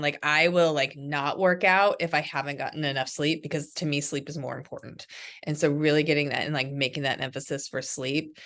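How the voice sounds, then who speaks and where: A woman with a somewhat low voice speaks casually over a video call, as a school principal sharing her own habits. Her talk is loose and chatty, packed with "like" and "um" fillers. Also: vocal fry, fairly bright tone. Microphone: video call microphone.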